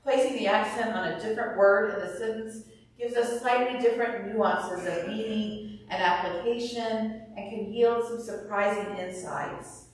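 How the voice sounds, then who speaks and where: A woman calmly teaching ways to meditate on scripture, in a measured, explanatory manner. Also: mid-range voice, far from the mic. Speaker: Bible teacher. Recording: roomy echo, voice somewhat off-mic.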